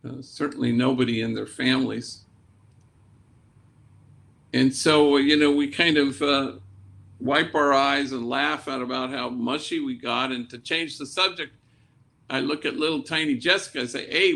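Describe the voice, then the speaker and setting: Priest, man, lively storyteller with a gravelly edge and Spanish asides. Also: mid-range voice. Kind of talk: storytelling talk.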